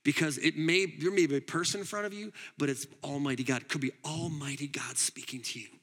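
Pastor, male, high bright voice, emphatic sermon delivery, long hall reverb. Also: fairly quick, slightly rough. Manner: animated and emphatic, with frequent laughs.

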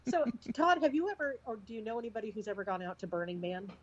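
A woman co-hosting a casual talk show, reading news reports in a relaxed way, with fillers. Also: mid-range voice, fast talker, dull audio. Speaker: co-host.

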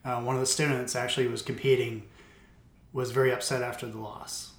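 A man's voice: medium pitch, flat delivery, fairly quick. A man who coaches, chatting casually and dropping frequent short agreements. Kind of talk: casual chat. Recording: echoey room.

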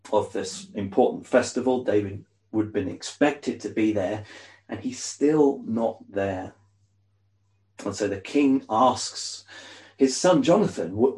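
Male preacher, mid-pitched, chatty sermon delivery with rhetorical questions and asides. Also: darkish tone, roomy sound.

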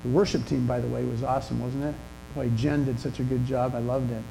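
An older man preaching a sermon in a church, telling stories in a conversational way with pauses and restarts. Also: mid-range voice, little pitch movement, creaky, background noise. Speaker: pastor. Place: church sanctuary.

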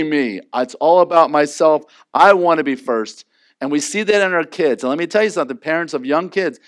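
A man preaching a sermon as pastor, animated and acting out quoted lines in raised voices. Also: a little high.

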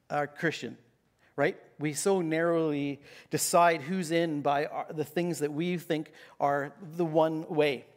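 A man with a notably high-pitched voice gives a Sunday sermon. He talks casually, jokes at his own expense, and keeps a conversational tone with the congregation. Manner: casual, self-deprecating and joking. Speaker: pastor. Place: church.

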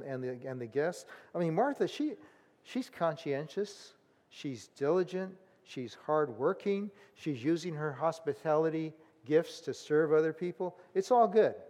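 A man preaching a sermon in a conversational, animated way, acting out the voices of people in the story. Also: a little high, big-room sound. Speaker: pastor.

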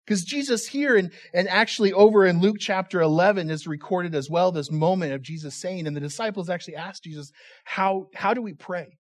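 A man's voice: high voice, a little fast, few pauses. A male pastor giving a conversational, humorous sermon, often repeating words as he restarts.

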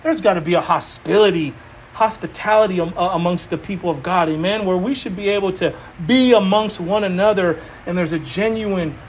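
A man preaching an informal sermon, animated and emphatic, repeating phrases and laughing often. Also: high-pitched, a little fast, slight background noise. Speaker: preacher teaching a Bible study.

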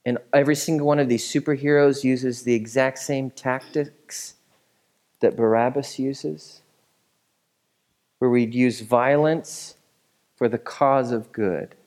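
A man's voice: medium pitch, steady tone, slow, darkish tone. A man preaching a sermon as a pastor, teaching in a casual, conversational way with asides and questions to the congregation.

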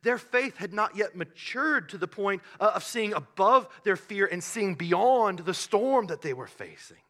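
A man preaching a sermon, telling the story with animated bursts and hushed asides. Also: sits high, a little slow. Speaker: pastor.

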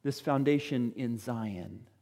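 A man preaching a sermon as a pastor, speaking in a lively way to his congregation. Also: mid-range voice, slow, long reverb tail.

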